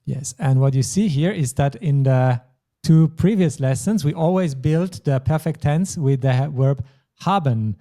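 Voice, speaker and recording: A man's voice: mid-range voice, measured pace, dark tone. A man teaching a language lesson, explaining patiently step by step. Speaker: German teacher.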